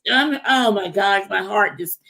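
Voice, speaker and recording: A woman's voice: mid-range voice, expressive, a little slow, vocal fry, bright, forceful tone. A woman hosting a casual chat among friends, gushing with praise for others. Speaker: host.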